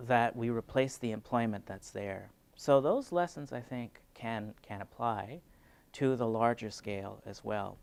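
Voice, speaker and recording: A man talks in an interview, his voice pitched low with a gravelly edge. He explains urban design in a steady, measured way and often stops for an uh or um. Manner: measured, explanatory, with frequent fillers. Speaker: city urban design planner. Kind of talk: conference video interview.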